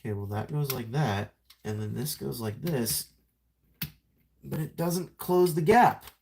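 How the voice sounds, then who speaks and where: A man's voice: mid-range voice, unhurried, creaky, darkish tone, slight background noise. A young man chatting casually on a live stream while transforming a toy figure, rambling, self-mocking and greeting viewers by name.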